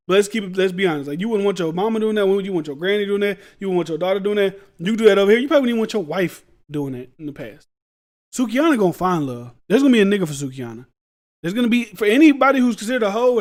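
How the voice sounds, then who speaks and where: A man hosting a podcast, giving blunt, rambling commentary in slangy street talk. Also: sits high. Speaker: podcast host. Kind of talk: casual commentary.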